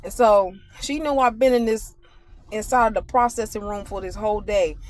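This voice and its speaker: Woman, casual storytime with a spiritual message, animated and chatty, talks straight to viewers. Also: mid-range voice, normal speed. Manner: animated, conversational, addresses viewers directly. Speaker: vlogger.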